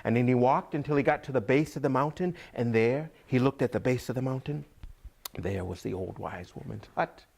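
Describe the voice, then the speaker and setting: A man's voice: mid-range voice, gravelly, darkish tone, a little hiss or hum. A man telling a folk tale to listeners, drawing out phrases, repeating words and dropping to whispers. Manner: drawn-out, repetitive, dips into whispers. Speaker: storyteller.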